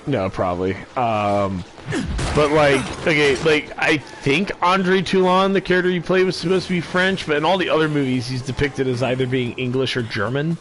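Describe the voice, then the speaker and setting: A man's voice: on the high side, normal speed, background noise. A young man streaming a game, chatting casually and rambling with lots of restarts and fillers. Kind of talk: casual chat over gameplay. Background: game music.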